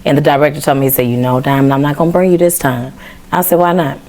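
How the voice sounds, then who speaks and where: A young woman from the US South, a singer guest telling a story in a chatty, animated way. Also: deep voice, quick pace. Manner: animated, chatty, mimics voices while telling stories. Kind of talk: casual storytelling.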